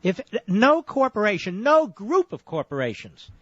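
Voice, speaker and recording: A man's voice: high-pitched, very animated, unhurried, no room sound. A man hosting a call-in radio show, lecturing a caller insistently and cutting him off to press his point. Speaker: radio talk show host. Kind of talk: combative call-in radio debate. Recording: dull, dry lo-fi radio audio.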